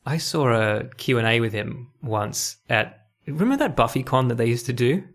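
A man's voice: mid-range voice, lively intonation, normal speed. A man in his thirties co-hosting a casual podcast, with a dry, teasing sarcastic manner. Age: 30s. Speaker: podcast co-host. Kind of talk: casual chat.

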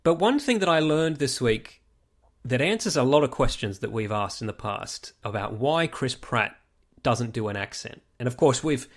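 A man chatting casually as a podcast co-host. His voice sits at an ordinary middle pitch. He talks in an animated way and tells stories full of quoted voices. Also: moderate pace. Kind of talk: casual chat.

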